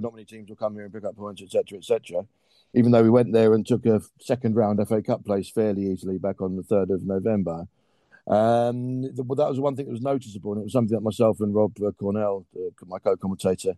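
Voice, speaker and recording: A middle-aged Englishman with a low, mellow, dark voice, recorded close and dry with no room around it. He chats in long, meandering, drily ironic stretches full of puns and fillers, in the manner of a seasoned football commentator. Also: no room sound. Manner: wordy, pun-loving, drily ironic with many fillers. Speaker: football podcast guest and club commentator. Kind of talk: casual podcast chat.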